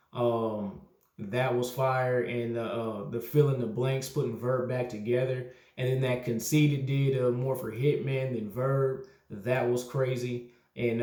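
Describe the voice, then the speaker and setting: A man's voice: mid-range voice, a little mellow. A man hosting a casual battle rap recap, rambling with lots of fillers and exasperated asides. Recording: echoey room.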